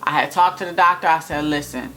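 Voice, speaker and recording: A young woman in a casual storytime vlog, talking straight to viewers in an animated, emphatic way. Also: on the low side, fast. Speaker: vlogger telling a personal story.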